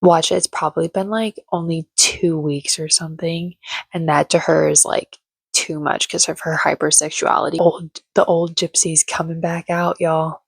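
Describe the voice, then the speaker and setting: Brief: young woman, low-ish voice, gossipy and sarcastic recap chatter, dry close recording. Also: little pitch movement, normal speed, creaky, slightly rough, no room sound. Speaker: reality TV recap vlogger. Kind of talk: casual chatty commentary.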